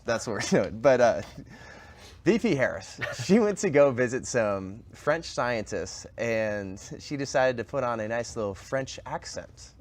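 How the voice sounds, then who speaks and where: A man in his thirties hosts a casual political chat show. His delivery is animated and joking, and his pitch swings widely. He sounds relaxed as he jokes with co-hosts. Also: unhurried, a little hiss or hum. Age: 30s. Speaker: show host.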